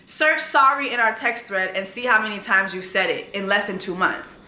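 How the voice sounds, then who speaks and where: Woman, thirties, storytime vlog, blunt and sassy, bright tone, roomy echo. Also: mid-range voice, lively intonation, moderate pace. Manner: blunt, sassy, quotes texts aloud. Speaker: vlogger telling a dating story.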